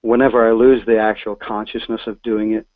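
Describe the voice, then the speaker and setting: A man calling in with a halting, self-conscious question about his recording setup, with frequent restarts. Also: lowish voice, level tone, dry recording. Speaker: caller. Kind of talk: hesitant call-in question. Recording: tinny phone line.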